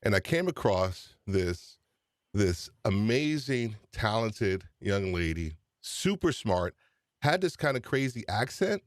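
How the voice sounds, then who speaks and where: A man's voice: on the low side, very animated, takes it slowly, dry recording, clean studio sound. A man hosting a live-streamed podcast show, chatty and upbeat, teasing his guest. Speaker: host.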